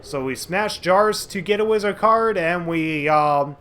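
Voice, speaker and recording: Halting, rambling man commenting on a game. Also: sits high, pushed and bright, slight background noise. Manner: rambling, halting, many fillers and restarts. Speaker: let's play host. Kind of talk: casual gameplay commentary.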